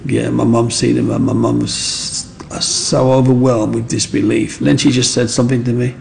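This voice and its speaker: Gravelly older man. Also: medium pitch, little pitch movement, moderate pace, darkish tone, slight background noise, low-quality recording. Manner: rambling, earnest, with frequent asides. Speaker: interviewee. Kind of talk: reflective storytelling.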